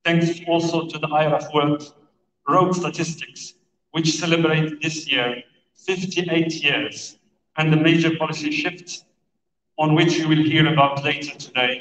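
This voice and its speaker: A man delivering a formal, prepared opening speech at a conference, speaking in a measured and deliberate way. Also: on the high side, fairly bright tone. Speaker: conference speaker for an international road federation. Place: large conference hall. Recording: echoey hall, distant and dull.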